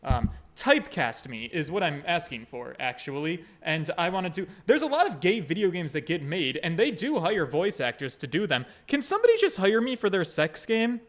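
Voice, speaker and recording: A man's voice: fairly high pitch, big pitch swings, moderate pace, few pauses. A man streaming a story game, commenting casually in a crude, joking way.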